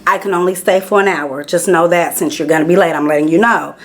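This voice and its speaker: A woman's voice: on the low side, quick pace. A woman co-hosting a podcast, chatting casually with frequent ums and giggles. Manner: chatty, giggly, repeats filler words. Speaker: podcast co-host.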